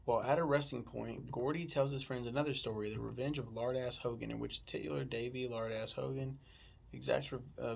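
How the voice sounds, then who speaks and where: Gravelly, husky man reviewing books. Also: mid-range voice. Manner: rambling, swears freely. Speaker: book reviewer. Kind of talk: casual book review chat.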